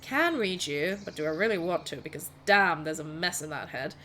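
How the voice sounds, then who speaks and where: A jaded male captor grumbles in a low, tired mutter, sardonic and put-upon. A woman game master voices him in a bright tone. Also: expressive, normal speed, slight background noise. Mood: weary.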